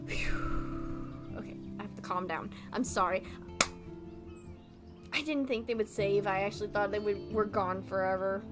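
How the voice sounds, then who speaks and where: A young woman in her twenties streaming a game live, gushing excitably and swearing casually as she chats to viewers. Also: mid-range voice, moderate pace, pauses often, music in the background.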